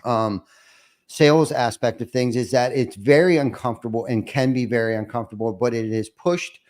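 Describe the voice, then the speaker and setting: A man's voice: mid-range voice, moderate pace, darkish tone. A man hosting a podcast, talking in a reflective way and often restarting his sentences. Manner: reflective, many restarts and fillers. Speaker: podcast host. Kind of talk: casual interview chat.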